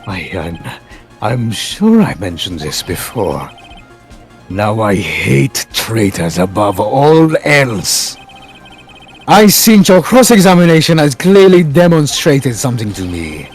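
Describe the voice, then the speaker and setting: A man's voice: medium pitch, big pitch swings, breathy edge, soft background music, pitched below the performer's own voice, full character voice. A man voicing a suave, menacing male assassin with a put-on French accent, in a fan dub of a game. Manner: slow, theatrical menace.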